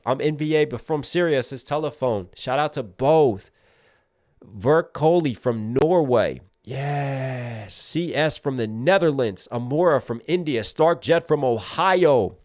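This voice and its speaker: A man in his thirties from Maryland, hosting a live stream, rattling off viewer shout-outs at speed before closing with a calm, reflective message to his audience. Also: fairly high pitch, no room sound, studio quality. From Maryland, USA. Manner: rapid roll-call of viewer names, then slower and reflective. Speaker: livestream host.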